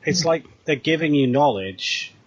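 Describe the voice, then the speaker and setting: A man's voice: on the high side, a little slow, lo-fi sound. A British man casually retelling a story, acting out the dialogue as he goes. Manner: animated retelling with quoted dialogue. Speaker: co-host.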